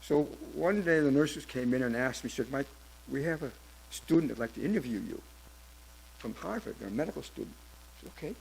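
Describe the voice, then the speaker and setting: A man in his seventies telling his personal testimony at church, in a halting storytelling way with many restarts. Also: medium pitch, expressive, gravelly, darkish tone, a little hiss or hum, poor audio. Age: 70s. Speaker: church member giving testimony.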